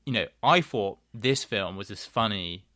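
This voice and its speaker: A man co-hosting a casual film podcast, speaking in a measured, thoughtful way with frequent hedges. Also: lowish voice, lively intonation, bright, forceful tone, no room sound, clean studio sound. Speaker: podcast co-host.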